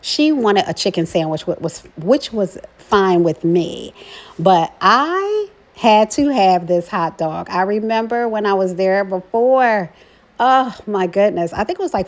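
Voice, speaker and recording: A chatty middle-aged woman narrates a travel vlog at an unhurried pace, in a voice of ordinary pitch. She sounds affectionate and keeps tagging her sentences with "right?". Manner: warm and emotional about her daughter. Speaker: vlogger, mother.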